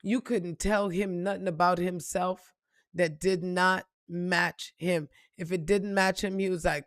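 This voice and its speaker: A woman's voice: lowish voice, steady tone, unhurried, no room sound, clean studio sound. A woman giving a blunt, emphatic motivational monologue and swearing freely, calling the listener "baby". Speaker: spiritual reader.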